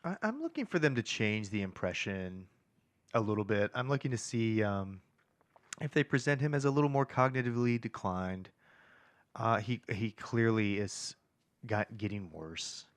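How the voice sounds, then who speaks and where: A man chatting on a podcast in a thoughtful, measured way, often stopping and restarting his sentences. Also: on the low side, lively intonation, no room sound. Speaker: podcast co-host. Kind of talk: casual podcast chat.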